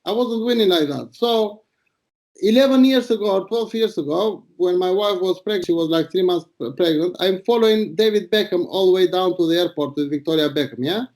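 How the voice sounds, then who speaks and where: Blunt, crude, high-voiced man from Albania. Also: fairly quick, darkish tone. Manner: blunt, crude, boastful, rambling. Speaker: retired paparazzo. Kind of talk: casual interview storytelling.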